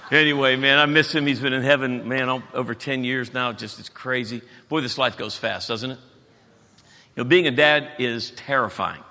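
Man, 50s, pastor, folksy joking sermon, bright voice, long hall reverb. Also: medium pitch. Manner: folksy, joking, animated storytelling. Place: church auditorium.

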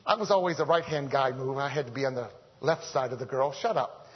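Male preacher, husky, playful; sermon recorded in a reverberant sanctuary. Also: medium pitch, fast talker. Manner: animated, joking, repeats phrases, calls out to the men. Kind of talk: conversational sermon. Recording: echoey hall, dull lo-fi sound.

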